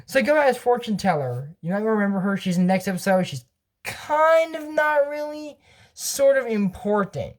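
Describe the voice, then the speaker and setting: A woman runs a channel reviewing a cartoon episode, rambling and digressing and often correcting herself mid-sentence. Her voice is medium-pitched and expressive at a moderate pace.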